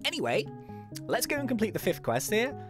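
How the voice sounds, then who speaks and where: A woman's voice: medium pitch, big pitch swings, fairly quick, over music. A woman giving casual commentary while playing a video game, rambling with many ums and likes. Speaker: gaming YouTuber.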